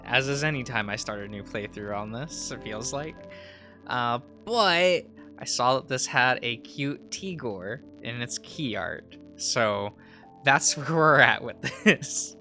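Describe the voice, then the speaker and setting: A man's voice: mid-range voice, slow pace, sharp tone, soft background music. A man streaming a visual novel, reading it aloud with chuckling asides.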